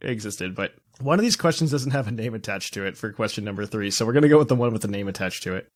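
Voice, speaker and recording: A man's voice: on the low side, animated, fast talker, no room sound. Man, podcast quiz host, playful teasing, dry close sound. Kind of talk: casual podcast chat.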